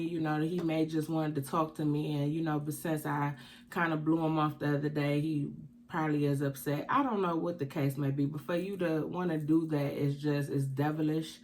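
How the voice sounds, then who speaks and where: A woman's voice: low-pitched, a little mellow, slight background noise. A woman vlogging tearfully, speaking with emphatic, preaching repetition. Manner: emphatic, repeats points like preaching. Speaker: keto mukbang vlogger. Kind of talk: emotional personal vlog confession.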